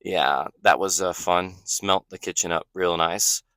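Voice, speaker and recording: Deep-voiced young guest, clear and bright. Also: male voice, fairly even intonation, unhurried, no echo. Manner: easygoing, jokey agreement. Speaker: podcast guest. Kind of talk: casual chat.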